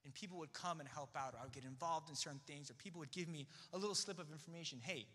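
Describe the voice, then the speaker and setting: A young man telling his personal faith testimony with animated storytelling, acting out the voices of people he quotes and using lots of fillers. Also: a little high, very fast, husky, long reverb tail. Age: young adult. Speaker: theology graduate sharing his testimony.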